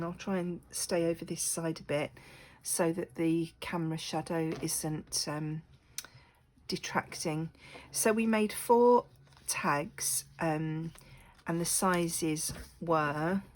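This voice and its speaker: A woman's voice: fairly low pitch, slight background noise, rough recording. A woman recovering from a cough, chatting casually in her home craft room, apologetic, with many ums. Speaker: crafting vlogger. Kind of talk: casual chat.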